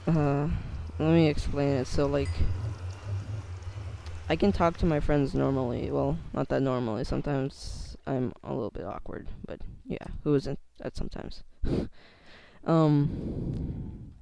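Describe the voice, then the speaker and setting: Hesitant teenage boy with a gravelly voice. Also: medium pitch, fairly even intonation, measured pace, mellow. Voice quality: voice cracks. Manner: hesitant, many fillers and restarts. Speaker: YouTuber. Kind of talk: casual vlog monologue.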